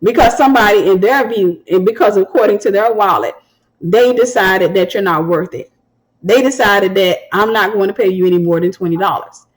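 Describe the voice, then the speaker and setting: A woman's voice: medium pitch, a little fast, slight background noise, rough recording. A woman in her thirties, hosting and giving preaching-style advice, telling stories and acting out the voices she quotes. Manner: animated storytelling, acts out quoted voices. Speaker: host and ministry speaker.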